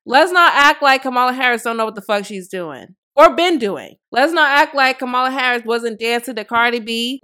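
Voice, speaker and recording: A woman's voice: a little high, bright, forceful tone, clear, resonant tone. Blunt, profane woman podcast host. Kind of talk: casual opinion commentary.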